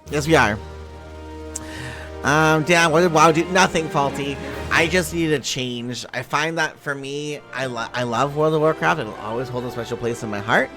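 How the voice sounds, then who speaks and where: A man's voice: on the high side, moderate pace, bright, forceful tone, faint music behind. A man streaming a game live, chatting casually with viewers, greeting them and swearing freely.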